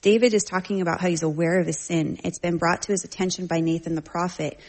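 A middle-aged woman and parent teaching from scripture in a conversational, slangy style, telling lively family stories. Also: on the low side, fast talker. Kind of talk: casual teaching talk.

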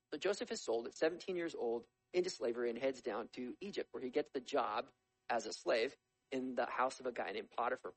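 A man preaching a sermon as a lively storyteller, with humorous asides. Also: mid-range voice, low-quality recording. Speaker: pastor.

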